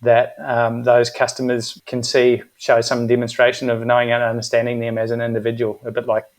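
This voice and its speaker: Middle-aged new zealand guy, even and measured, lots of ums, pretty flat delivery. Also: mid-range voice. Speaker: guest, agency managing director. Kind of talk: casual interview talk.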